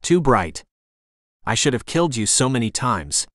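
A man's voice: mid-range voice, big pitch swings, normal speed, a bit bright, no room sound, studio quality. A man voicing a fierce, defiant young half-demon man, speaking in a growling, hard-edged way.

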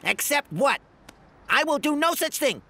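A woman's voice: sits high, very animated, unhurried, background noise, exaggerated voice. A woman voicing an arrogant, boastful bully in a dubbed cartoon, sneering and mocking. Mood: scornful. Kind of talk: cartoon dub.

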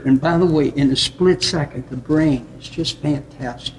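A man, a pastor from the Upper Midwest of the US, earnestly telling his personal testimony in conversation, with reflective storytelling and soft chuckles. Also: a little high, moderate pace, slight background noise.

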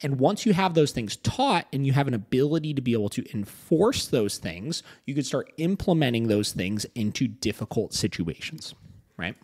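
A man's voice: mid-range voice, sing-song, normal speed, a little mellow, husky. A man who is a dog trainer, talking casually and emphatically on a podcast and often checking in with "right?". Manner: emphatic, keeps asking "right?".

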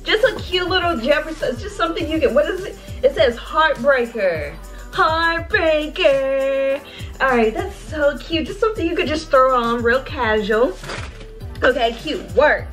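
An excitable woman with a fairly high voice narrates a casual unboxing vlog from home, gushing and calling her viewers "y'all." Her chatter bounces along eagerly. Soft music plays faintly underneath. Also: moderate pace. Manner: bubbly, excitable, talks straight to viewers as "y'all". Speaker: beauty vlogger.

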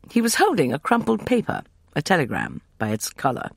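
A man narrating a first-person novel as an audiobook, reading in an expressive, animated way. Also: on the high side, normal speed, no echo, clean studio sound.

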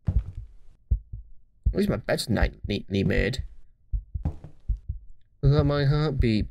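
Deadpan man joking through a game. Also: on the high side, slight background noise. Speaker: gamer playing a horror game. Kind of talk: let's play commentary.

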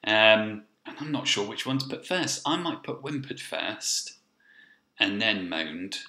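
Lively teacher voice in an echoey room. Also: male voice, lowish voice, a little slow. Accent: English. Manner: encouraging, thinks aloud, repeats "okay?". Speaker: primary school teacher. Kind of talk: recorded remote reading lesson.

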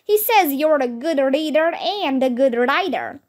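A welcoming frontier stepmother from a storybook, kind and warm in her greeting as a woman reads her aloud. She speaks in a high, slow voice. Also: lively intonation.

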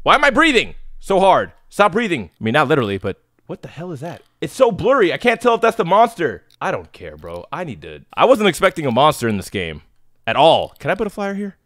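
Jittery horror gamer, male, bright lively voice that shoots up into yells. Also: a little high, a little fast, no room sound, studio quality. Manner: yells and screams when scared; jittery, nervous joking. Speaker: let's play gamer. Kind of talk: horror game playthrough commentary.

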